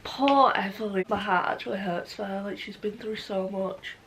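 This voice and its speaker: A woman's voice: mid-range voice, normal speed, a bit bright, a little hiss or hum, low-quality recording. A young woman chatting casually in a reading vlog, gushing and emotional, with many "like"s. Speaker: book vlogger.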